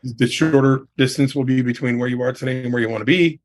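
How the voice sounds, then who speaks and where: A middle-aged man with a husky, slightly breathy voice, speaking as a coaching guest in a relaxed podcast chat. He is emphatic and keeps checking in with his listener as he drives each point home. His pitch sits in an ordinary middle range. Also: fast talker. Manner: emphatic, leans on "I mean" and "right?". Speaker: real estate coach, guest. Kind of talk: casual podcast interview.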